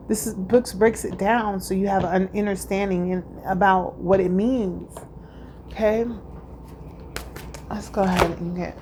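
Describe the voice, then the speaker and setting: A woman's voice: mid-range voice, fairly even intonation, unhurried, very noisy. A woman giving a spiritual tarot reading, earnest and heartfelt, who repeats herself and keeps checking in with her listeners. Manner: emotional, heartfelt. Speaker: tarot reader.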